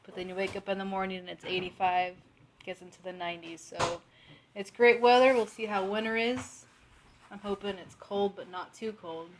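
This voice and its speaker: A woman's voice: medium pitch, fairly even intonation, moderate pace, a little hiss or hum. A woman co-hosting a podcast from home, chatting in an upbeat way. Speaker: podcast co-host. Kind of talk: casual chat.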